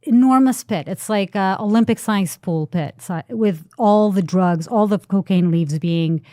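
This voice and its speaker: A middle-aged woman journalist telling an animated story on a talk show, full of restarts and fillers. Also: medium pitch, unhurried, no echo, studio quality. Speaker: investigative journalist guest.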